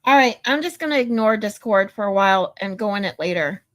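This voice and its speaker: A woman hosting a casual livestream, chatting and swearing freely, her voice getting louder when she is irritated. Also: medium pitch, lively intonation, a little fast. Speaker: livestream host.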